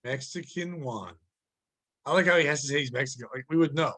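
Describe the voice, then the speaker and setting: A man co-hosting a comedy podcast, excitable and profane, laughing often. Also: medium pitch, a little fast, low-quality recording. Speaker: podcast co-host. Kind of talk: casual comedic banter.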